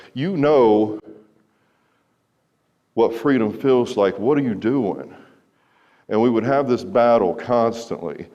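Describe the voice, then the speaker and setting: A man's voice: mid-range voice, a little mellow. A man in his thirties telling a wry, conversational story to a school audience and asking them questions. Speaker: recovery speaker. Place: large school hall. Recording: hall reverb.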